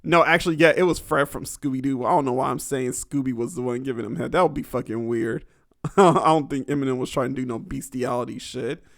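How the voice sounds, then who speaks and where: A man's voice: mid-range voice, fairly even intonation, fairly quick, vocal fry, a bit bright, no echo, studio quality. A young adult man hosting a podcast, rambling crudely through a casual monologue and laughing often. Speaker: podcast host.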